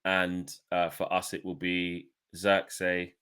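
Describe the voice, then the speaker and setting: Man, low pitch, bright forceful voice, casual football chat, animated and swearing. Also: takes it slowly, clean tone. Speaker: fan channel pundit.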